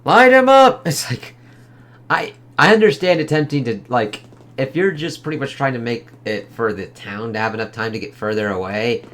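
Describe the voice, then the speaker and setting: A man casually reviewing a comic book in a profane, rambling, excitable way. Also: mid-range voice, a little fast.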